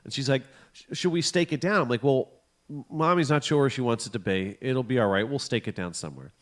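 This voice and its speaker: A man's voice: medium pitch, fast. A middle-aged man co-hosting a podcast, telling a long story in a casual, profane way and acting out what people said. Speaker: podcast co-host.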